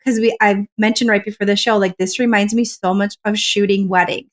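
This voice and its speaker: A woman's voice: medium pitch, steady tone, brisk. A woman co-hosting a podcast, chatting enthusiastically with a lot of "like" in her speech. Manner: enthusiastic, frequent "like". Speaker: podcast co-host. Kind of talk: casual chat. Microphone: remote recording.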